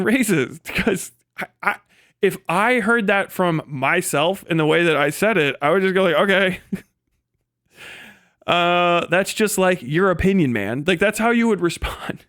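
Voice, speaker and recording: A man's voice: sits high, fairly bright tone, dry recording, studio quality. Profane mocking man ranting on stream. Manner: profane, mocking, laughs often, jumps into silly mimicking voices. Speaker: livestream host. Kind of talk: casual ranting monologue.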